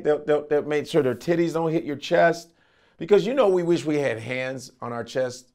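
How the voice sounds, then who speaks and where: Gravelly, high-voiced male comedian. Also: normal speed. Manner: animated storytelling with acted-out voices. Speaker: comedian guest. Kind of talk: casual interview chat.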